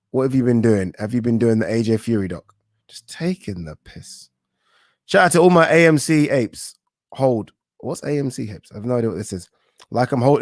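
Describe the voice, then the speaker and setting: A man's voice: medium pitch, darkish tone, no room sound, studio quality. A man hosting a boxing channel, chatting casually and joking as he reads out viewer comments. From England. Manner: laid-back, joking, swears casually. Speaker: boxing YouTube host.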